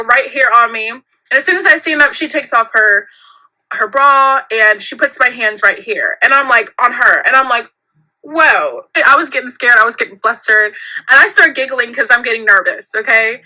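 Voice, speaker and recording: A young woman telling a personal story in an animated, giggly way, acting out what people said. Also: high-pitched, poor audio. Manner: animated, giggly, acts out quotes.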